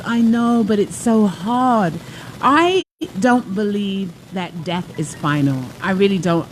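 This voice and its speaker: A woman, a life coach, hosting her talk show with a lively, chatty monologue full of asides. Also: medium pitch, slight background noise, low-quality recording.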